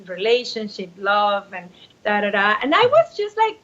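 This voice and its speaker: A woman's voice: medium pitch, normal speed, highs cut off. A woman in her forties from Mexico, a Spanish speaker, telling her story openly as a life coach guest. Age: 40s. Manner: open and expressive, many restarts. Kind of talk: candid personal storytelling.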